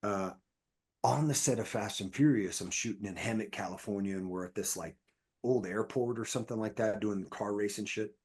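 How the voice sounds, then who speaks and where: A man, a guest on a podcast, telling long, profane anecdotes from his acting career in a casual, animated way. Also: lowish voice, moderate pace, husky. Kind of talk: casual storytelling chat.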